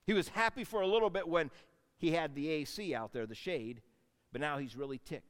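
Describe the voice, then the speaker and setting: A man preaching a sermon, telling a Bible story with animated swings between loud outbursts and hushed asides. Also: a little high, brisk, smooth, big-room sound. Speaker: pastor.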